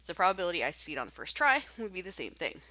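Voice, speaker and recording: A woman instructor narrates a screen-recorded statistics tutorial, chatting and thinking aloud as she clicks through menus. Her voice sits a little low yet sounds bright and forward. The recording is dry and close, with no room sound. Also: big pitch swings, very fast, no room sound.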